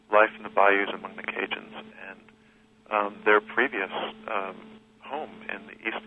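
Gravelly man on a tinny phone line. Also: on the low side, slight background noise. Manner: thoughtful, halting with many restarts and fillers. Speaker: guest, author and history teacher. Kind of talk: reflective interview talk.

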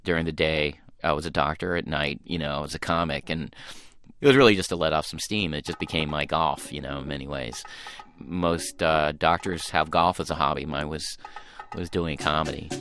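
Deep, bright-toned man reminiscing. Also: steady tone, moderate pace. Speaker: actor recalling his career. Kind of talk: reflective interview segment. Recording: faint music underneath.

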